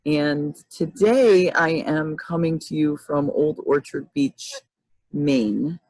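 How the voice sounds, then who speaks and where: A woman's voice: sits low, slow pace, darkish tone, slightly rough, dry recording, rough recording. A woman in her fifties hosting a casual livestream chat over a video call, rambling and restarting often. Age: 50s. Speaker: host, life coach.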